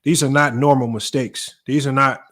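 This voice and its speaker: An emphatic man breaking down basketball defense in a casual sports debate. He speaks at an ordinary middle pitch and often restarts his phrases while building a point. The tone is that of a coach explaining the game. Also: steady tone, moderate pace, a bit bright. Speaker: basketball coach and podcast host.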